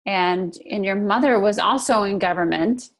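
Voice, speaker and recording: A woman's voice: medium pitch, moderate pace. A woman hosting an interview, asking questions in a curious and affirming way. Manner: curious, affirming, with small restarts. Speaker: interview host.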